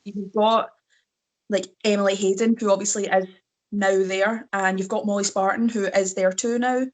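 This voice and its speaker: A young Scottish woman, a wrestler, chatting casually as a podcast guest with lively storytelling. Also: medium pitch, normal speed. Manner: lively storytelling, mimics other people's voices. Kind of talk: casual chat.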